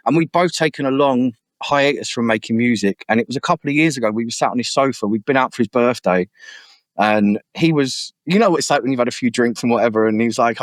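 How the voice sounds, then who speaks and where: A young man, an MC, telling stories casually in an interview and lively acting out the voices of people he quotes. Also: medium pitch, fast talker, no room sound. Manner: animated, acts out quoted voices. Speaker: MC and guest artist. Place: podcast studio.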